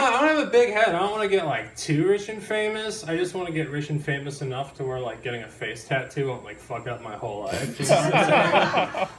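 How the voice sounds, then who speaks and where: A young man performing a stand-up set in a live venue, rambling, giggling and apologizing often. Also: medium pitch. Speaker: stand-up comedian. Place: live comedy venue, audience in room. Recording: roomy live recording from a distance, crowd noise.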